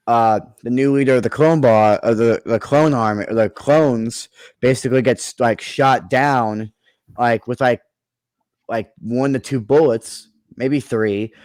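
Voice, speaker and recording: Man, casual chat, rambling, smooth voice, dry sound. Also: mid-range voice, a little mellow, no echo. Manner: rambling, full of fillers and restarts. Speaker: creator pitching movie ideas.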